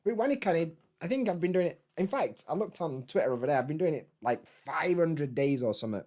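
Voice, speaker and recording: A man's voice: on the high side, expressive, quick pace, a little mellow. A man, hosting a casual live stream from home, rambling in a laid-back way, swearing freely and answering chat.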